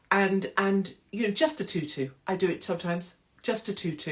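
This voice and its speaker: A woman's voice: medium pitch, animated, moderate pace, few pauses. Brash, swearing woman host. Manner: brash, swearing, mocking, chatty. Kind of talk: casual comedic monologue. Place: indoors at home, pub-themed set.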